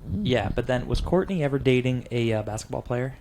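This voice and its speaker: A man's voice: mid-range voice, expressive, brisk, a little mellow, slight background noise. A man hosting a podcast in casual chat, rambling, restarting his sentences and swearing loosely. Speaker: podcast host.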